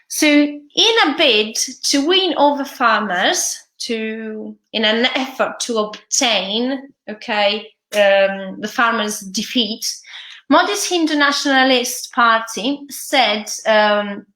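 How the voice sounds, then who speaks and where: Bright, echoey Italian-accented woman teacher. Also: medium pitch. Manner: hesitant, many fillers and restarts. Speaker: English teacher. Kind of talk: reading and explaining a news article.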